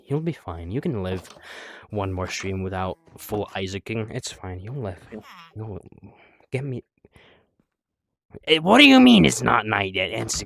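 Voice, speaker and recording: Lively young streamer chatting with chat. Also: medium pitch, vocal fry, no echo, clean studio sound. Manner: rambling, swears often, reads and answers chat. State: out of breath. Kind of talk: casual live-stream chat.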